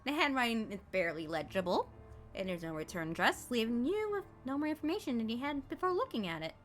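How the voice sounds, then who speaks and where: A woman streamer reads game dialogue aloud, her voice bright and crisp. She jumps all over her range as she teases the text in an animated, playful way, with soft game music behind her. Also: on the high side, fast.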